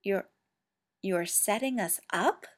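A woman's voice: medium pitch, slow, natural voice. A woman voicing John, grieving and prickly. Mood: sharp. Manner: terse and defensive. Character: grieving, prickly ex-soldier man.

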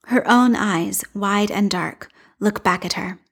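A woman reading a fan story aloud in a measured, expressive narration. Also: mid-range voice, vocal fry, breathy edge. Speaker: podfic reader.

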